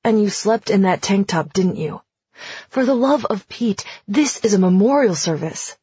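A woman's voice: medium pitch, animated, moderate pace, mellow, husky, dry recording. A woman reading a teasing teenage boy. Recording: dry, slightly dull audio.

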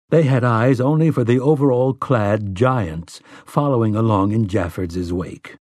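A man narrating an audiobook in a measured storytelling manner. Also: mid-range voice, warm tone, dry recording, studio quality. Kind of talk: scripted narration.

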